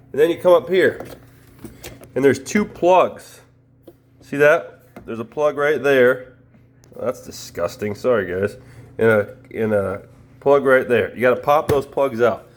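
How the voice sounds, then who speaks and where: A man's voice: medium pitch, slight background noise. Folksy man giving a casual DIY tutorial. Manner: folksy, self-deprecating, chatty. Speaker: DIY video host.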